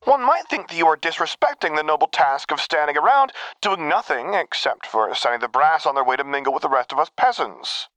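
A man's voice: a little high, very animated, brisk, hardly any pauses, fairly bright tone, no echo, voice pushed up. A man voicing a joking male soldier who hams up every line with exaggerated, overly dramatic delivery. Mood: melodramatic. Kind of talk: audiobook character voice.

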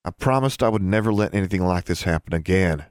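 A man's voice: deep voice, animated, fast, no room sound, clean studio sound. A man voicing a proud, protective teenage boy who sounds weary and earnest in a storybook reading.

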